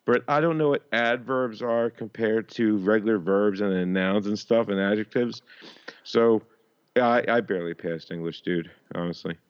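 A man's voice: fairly low pitch, steady tone, normal speed, smooth, lo-fi sound. A man co-hosting a podcast in casual chat, rambling and profane, often mocking himself. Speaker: podcast co-host.

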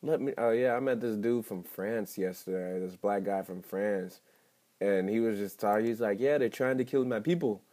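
A young man rambling and swearing through a solo podcast episode, cracking crude jokes and breaking into sudden loud outbursts. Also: lowish voice, normal speed. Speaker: podcast host and stand-up comedian. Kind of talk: casual rambling monologue.

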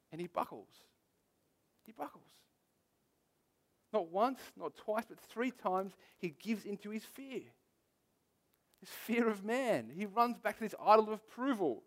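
A man preaching a sermon as pastor, telling stories in a conversational way and repeating key phrases for emphasis. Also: sits high. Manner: conversational storytelling with personal anecdotes; emphatic repetition.

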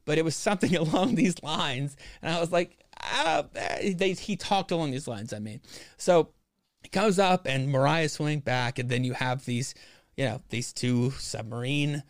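A man's voice: a little high, moderate pace, no room sound, studio quality. A man chatting casually about a comic book on a podcast, rambling and profane, full of fillers. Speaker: podcast co-host.

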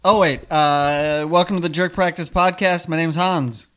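A man hosting a comedy podcast, talking in a halting, stammering, giggly way. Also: a little high, steady tone, a bit bright, clear, resonant tone. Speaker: podcast host. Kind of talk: casual comedy podcast chat.

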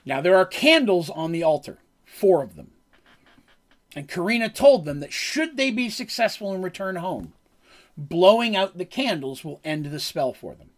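A man's voice: high-pitched, big pitch swings, moderate pace. A man casually recapping a tabletop game session as game master, rambling with fillers.

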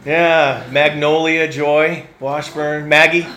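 A man's voice: a little high, flat delivery, slow, pushed and bright, a little hiss or hum. A man preaching a sermon in a church, in a conversational, reflective way that thinks aloud with fillers and restarts. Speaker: pastor.

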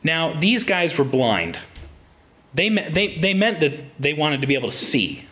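Animated, bright-voiced male preacher. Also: fairly high pitch, normal speed. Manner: animated, frequent restarts, acts out quotes. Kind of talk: sermon with personal anecdote.

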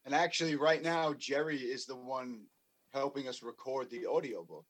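A man's voice: mid-range voice, normal speed. A band member, a man, chatting as a guest in an interview, wry and plain-spoken. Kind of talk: casual interview chat.

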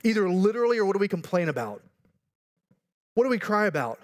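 A man's voice: sits high, big pitch swings, quick pace. A pastor in his thirties or forties preaching a sermon earnestly, building to emphatic repeated lines with joking asides.

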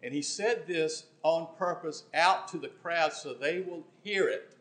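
Guy preaching a sermon in church, gets loud and fired up then drops real soft and quiet. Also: fairly high pitch, unhurried. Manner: impassioned, rising to emphatic bursts and dropping to quiet asides.

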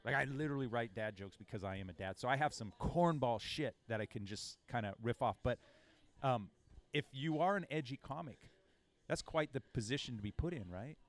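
A man's voice: medium pitch, animated, a little fast. A laid-back, teasing man hosting. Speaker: podcast host. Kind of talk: casual chat.

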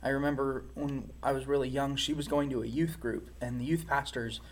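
A man's voice: medium pitch, steady tone, brisk. A man speaking as an interview guest, giving a candid personal testimony in a reflective, frank way.

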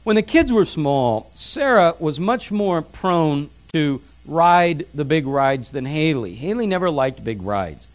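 A man's voice: a little high, big pitch swings, slow, few pauses. A middle-aged man preaching a sermon, emphatic, repeating his points and telling family stories. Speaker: pastor. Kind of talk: sermon on parenting.

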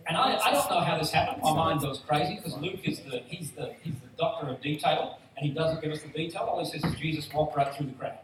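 A man preaching a sermon, telling stories with animated voices for each character. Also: a little high, quick pace, few pauses, crowd noise. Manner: animated storytelling, acting out voices. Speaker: pastor. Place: church hall. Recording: distant roomy hall mic with faint noise.

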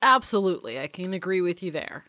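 A woman's voice: fairly low pitch, animated, fast, pushed and bright, no echo. Playful, chatty woman discussing a movie. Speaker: podcast co-host.

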